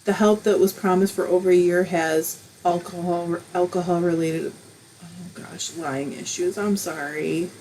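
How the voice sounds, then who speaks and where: A woman's voice: lowish voice, fairly even intonation, measured pace, warm tone, a little hiss or hum, rough recording. A middle-aged woman hosting a live crafting stream from home, chatting casually and reading viewers' comments, emotional and close to tears at times while laughing it off. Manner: emotional, tearful at moments, laughing it off. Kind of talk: casual livestream chat, reading comments aloud.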